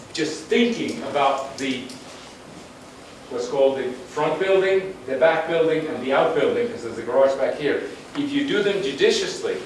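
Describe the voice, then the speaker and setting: A man giving a slide presentation on town planning, talking bluntly and conversationally with frequent restarts. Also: medium pitch. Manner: emphatic and conversational, with blunt asides. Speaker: guest lecturer on urban planning. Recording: very echoey room, distant mic, faint noise.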